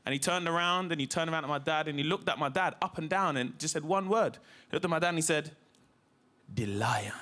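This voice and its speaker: A man doing a lively, chatty stand-up routine on a TV studio stage. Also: fairly high pitch, quick pace. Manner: lively, chatty, peppered with "you know, man". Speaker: stand-up comedian.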